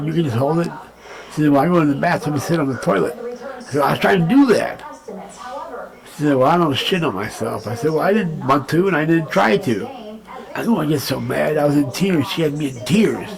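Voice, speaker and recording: Gravelly St. man, resident's angry vent, crowd murmur behind. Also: on the high side, rough recording. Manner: aggrieved, repetitive, reenacts arguments. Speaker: nursing home resident vlogger. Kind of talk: angry personal vent to camera.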